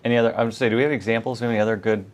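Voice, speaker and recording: Male co-host, low voice, rapid chatty anecdotes. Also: steady tone. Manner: quick, chatty, storytelling with quoted asides. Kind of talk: conversational tech lesson.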